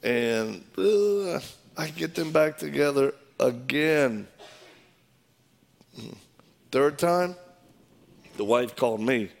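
Gravelly-voiced man telling a lively story. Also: a little high, extremely slow, long pauses. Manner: acts out quoted voices, laughs through the telling. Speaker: speaker telling a personal story. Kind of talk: animated storytelling.

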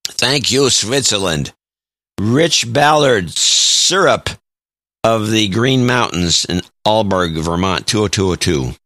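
A man's voice: fairly low pitch, lively intonation, takes it slowly, pushed and bright, no room sound. A man co-hosting a podcast with dry, wry remarks, reading listener notes aloud. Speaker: podcast co-host.

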